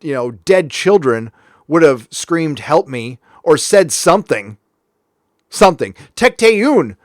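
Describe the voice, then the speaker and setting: A man's voice: on the high side, big pitch swings, takes it slowly, dry recording, clean studio sound. A man from California hosting a show, ranting in a casual, sarcastic way. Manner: sarcastic, heated. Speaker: host. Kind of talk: casual commentary rant.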